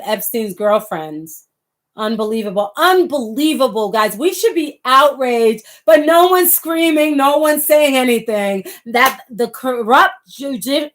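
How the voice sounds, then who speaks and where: A woman's voice: fairly high pitch, a bit bright. A middle-aged woman hosting a livestream, talking passionately to viewers and reading their comments. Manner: impassioned, reads viewer comments aloud. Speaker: livestream host. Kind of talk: casual livestream talk.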